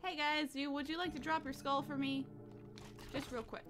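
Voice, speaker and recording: A woman hosting a let's play, chatting to game creatures and breaking into excited shrieks. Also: high voice, normal speed, music in the background. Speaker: gaming channel host. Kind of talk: let's play gaming commentary.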